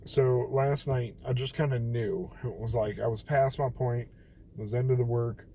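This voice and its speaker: A man's voice: medium pitch, normal speed, mellow, slight background noise, low-quality recording. A young man telling a rambling, self-deprecating story late at night, tired and quoting others as he goes. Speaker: vlogger.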